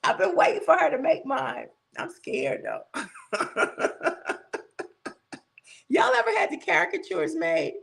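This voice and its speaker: A woman in her sixties hosts a relaxed livestream chat. Her voice sits high and carries a heavy gravelly fry. She talks slowly, laughs often and swings her pitch widely as she thanks her viewers. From southern United States. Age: 60s. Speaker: livestream host. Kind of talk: casual live chat greeting viewers.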